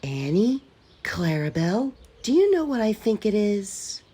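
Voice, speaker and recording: A man voicing a cheeky, boastful little male tank engine with a high, excitable voice. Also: unhurried, slightly rough, heavily acted. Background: music.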